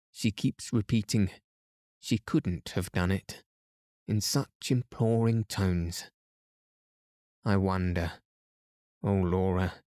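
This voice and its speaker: A man reading aloud and voicing a stern older aunt who is shaken by worry, speaking softly and slowly. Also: lowish voice, dry recording, studio quality.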